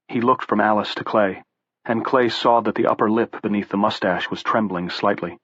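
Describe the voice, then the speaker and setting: Male audiobook narrator, low voice, steady measured read, dry and dull lo-fi sound. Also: dry recording.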